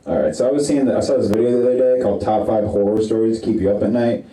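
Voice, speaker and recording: Deep, dry male comic with one-liners. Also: steady tone, very fast, warm tone. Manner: dry, self-deprecating. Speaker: stand-up comedian. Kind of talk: stand-up comedy one-liners. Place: comedy stage under bright lights. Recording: roomy, mic at a distance.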